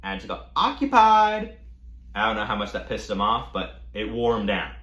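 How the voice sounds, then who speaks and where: A man telling a casual storytime rant, animated, mocking and full of profanity. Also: lowish voice, fast talker, reverberant. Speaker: storytime vlogger.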